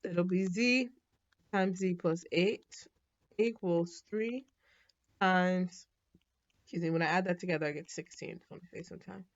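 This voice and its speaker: Relaxed woman teaching math, lo-fi sound. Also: fairly low pitch, a little slow, pauses often. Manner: relaxed, thinking aloud with frequent ums and self-corrections. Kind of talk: casual whiteboard lesson.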